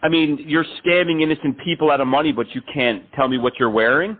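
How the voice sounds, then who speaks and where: A man's voice: fairly high pitch, quick pace. Man teasing over a thin phone line. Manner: mock romantic, teasing. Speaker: prank caller. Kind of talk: prank phone call.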